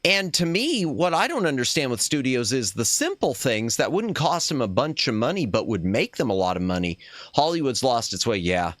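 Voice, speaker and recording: A man at middle pitch hosts a casual chat stream, wandering from point to point with strong opinions. He often trails off, restarts his sentences and circles back. The sound is dry and close, with no room echo. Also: very animated, normal speed. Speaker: streamer host.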